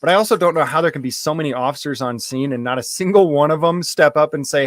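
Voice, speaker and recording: A man's voice: a little high, fast talker, hardly any pauses, dry recording, studio quality. A man giving sarcastic, critical voice-over commentary on video footage.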